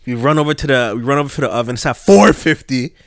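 A young man on a podcast, telling a long story in a laid-back, rambling way, with laughs that jump high. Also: quick pace, dry recording, studio quality. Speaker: podcast host. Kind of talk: casual storytelling chat.

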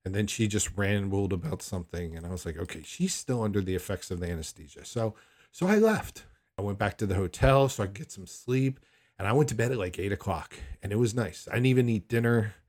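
A man's voice: lowish voice, lively intonation, brisk, darkish tone. A middle-aged man hosting a podcast episode, telling a personal story in a candid, reflective way with frequent restarts. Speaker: podcast host.

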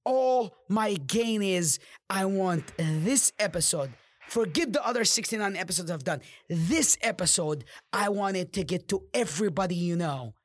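A man's voice: husky, no echo, studio quality. Profane fired-up male podcast host. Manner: profane, fired-up preaching with sudden drops to low growls. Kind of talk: motivational monologue.

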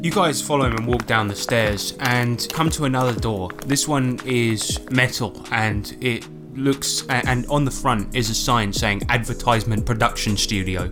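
Game master, wry narrator; music under. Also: male voice, mid-range voice, normal speed, hardly any pauses.

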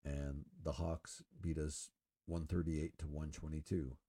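Very deep, dark-voiced man rambling casually. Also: a little slow, breathy edge. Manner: rambling, full of fillers and swearing; relaxed, smoking while talking. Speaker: podcast host. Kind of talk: casual solo sports talk.

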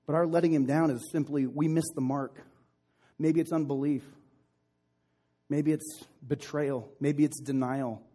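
In a mid-range voice, a man preaching as a pastor retells a story during his sermon. His delivery swings between impassioned emphasis and quiet, intimate moments.

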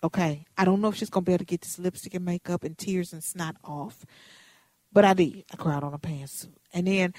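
Woman in her fifties, radio host, animated chatty storyteller, dry close sound. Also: lowish voice, brisk, no room sound. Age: 50s.

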